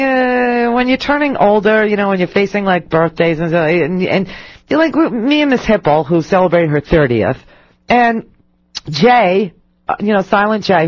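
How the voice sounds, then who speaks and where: A woman's voice: mid-range voice, dry recording. A middle-aged woman talk radio host riffs in a loose, self-mocking monologue, full of fillers and restarts. Her voice sits close and dry on a studio mic, with a slightly dull, muffled sound. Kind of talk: casual on-air monologue.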